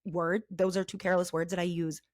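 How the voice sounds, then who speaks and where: A woman's voice: lowish voice, flat delivery, fairly quick, no echo, studio quality. Candid, self-deprecating woman co-host. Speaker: podcast co-host. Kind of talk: casual faith chat.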